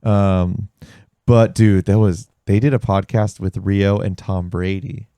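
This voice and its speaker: A man hosting a podcast, telling stories with lively acted-out quotes and a lot of swearing. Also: fairly low pitch, slow pace, no echo. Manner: animated storyteller, swears freely, acts out quotes. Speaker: podcast host. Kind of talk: casual podcast chat. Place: podcast studio.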